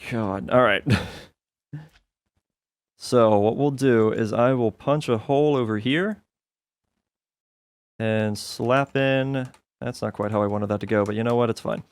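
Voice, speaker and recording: A man streams a modded building game, giving casual gameplay commentary and thinking aloud as he plays. His medium-pitched voice is smooth with fairly even intonation, at a measured pace with frequent pauses. He's self-mocking, often laughing at his own mistakes, and the audio has no echo.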